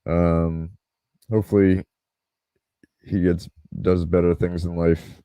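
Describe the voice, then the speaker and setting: A man's voice: low voice, flat delivery, slow pace, dark tone, clean tone, dry recording. A man hosting a podcast, telling a story casually, swearing freely and acting out what others said. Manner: laid-back, swears freely, acts out quotes. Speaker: podcast host.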